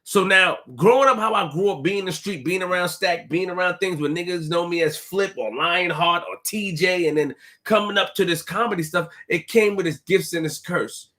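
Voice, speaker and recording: A young man rants to his live-stream audience with a bright, high-pitched voice. He keeps repeating himself and drops into street slang. He moves from low mutters to loud bursts. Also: moderate pace, hardly any pauses. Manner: animated, repetitive, street slang, swings from quiet to loud. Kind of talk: casual live-stream rant.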